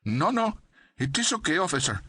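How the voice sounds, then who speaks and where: A man's voice: on the high side, big pitch swings, a little fast, bright, forceful tone, slightly rough, no room sound, studio quality, voice pushed up, heavily acted. A man doing a sing-song Pakistani store clerk. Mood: insistent. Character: tall thin male store clerk, calm and self-assured.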